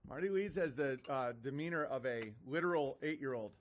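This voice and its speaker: A man's voice: medium pitch, lively intonation, unhurried, pauses often. A man in his thirties hosting a livestream, reading out messages and mocking them bluntly. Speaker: livestream host.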